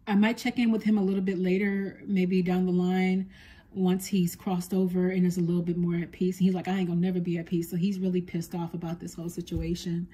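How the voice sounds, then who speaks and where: A woman psychic medium giving a spoken reading to her viewers, talking softly and earnestly as she relays what a spirit tells her. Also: fairly low pitch, little pitch movement, fairly quick, breathy edge.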